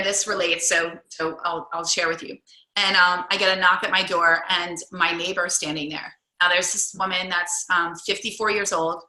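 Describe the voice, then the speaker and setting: A woman coach leading a group call tells casual stories to the group, rambling with many restarts and fillers. Her voice is lowish and bright, and the room is echoey.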